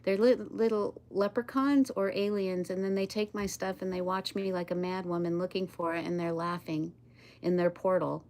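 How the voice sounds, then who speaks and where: A woman's voice: lowish voice, fairly even intonation, normal speed, a little mellow. A woman chatting casually on a live stream, rambling, laughing often and talking to her pets and viewers.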